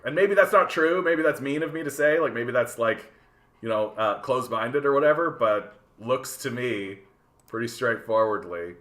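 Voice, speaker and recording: This Canadian livestream host fires back at his chat in a lively, foul-mouthed rant, his medium-pitched voice bright and forceful. He keeps a moderate pace, repeating words while his point takes shape. Echo from the space makes the sound feel roomy.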